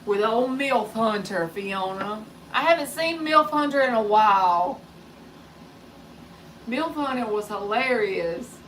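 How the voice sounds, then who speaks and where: Chatty higher-voiced woman, a bit off-mic. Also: lively intonation, slow, fairly bright tone, recorded from a distance, rough recording. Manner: chatty and joking, relays off-mic remarks. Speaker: tarot reader hosting a live stream. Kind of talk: casual live-stream chat with viewers. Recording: voice a bit off-mic, faint background noise.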